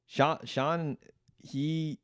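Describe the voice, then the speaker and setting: A man's voice: on the high side, little pitch movement, extremely slow, no room sound, studio quality. A young man telling a rambling, profane story in casual chat as a podcast guest, acting out what others said. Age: young adult. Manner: rambling, swears freely, acts out quotes.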